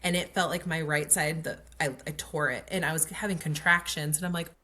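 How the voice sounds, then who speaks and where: A woman's voice: low-pitched, fairly even intonation, brisk, sharp tone. A woman, a guest telling her pregnancy story in a casual, chatty way, full of "like" and acted-out quotes. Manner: chatty, frequent "like" fillers, acts out quoted dialogue. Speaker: guest, pelvic floor occupational therapist.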